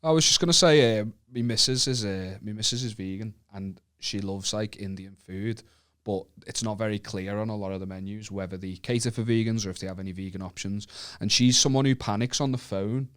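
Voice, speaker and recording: A man's voice: on the low side, brisk, few pauses, a bit bright, clear, resonant tone. A man with a Northern English accent co-hosting a podcast, telling stories in casual, joking, sweary chat. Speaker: podcast co-host.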